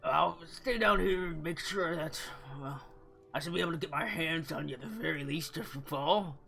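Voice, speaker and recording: A man's voice: fairly high pitch, moderate pace, gravelly, pushed and bright, soft background music. A man doing a friendly helpful orc townsman. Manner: kindly, encouraging.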